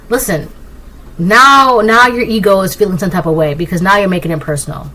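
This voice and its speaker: A woman giving a casual collective tarot reading, rambling and excitable, often tagging her points with "right?". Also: medium pitch, a little fast, poor audio. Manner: keeps asking "right?". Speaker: tarot reader.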